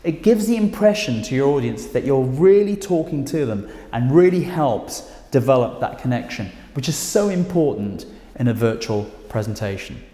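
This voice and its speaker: A man's voice: mid-range voice, moderate pace. Emphatic British man coaching, echoey room. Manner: emphatic, lively intonation, coaching tone. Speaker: presentation skills trainer. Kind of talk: direct-to-camera instructional talk. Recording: echoey room with long reverb.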